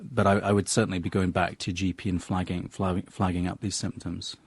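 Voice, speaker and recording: A man's voice: deep voice, little pitch movement, fairly quick, gravelly, slight background noise. A man speaking as a doctor on a radio phone-in, careful and hedging, often stumbling over repeated words. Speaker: doctor, medical guest. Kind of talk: cautious expert answers on air.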